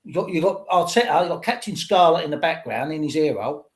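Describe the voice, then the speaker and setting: A man's voice: a little high, animated, quick pace. An older man, a podcast host giving rambling, opinionated football talk. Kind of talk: casual football chat.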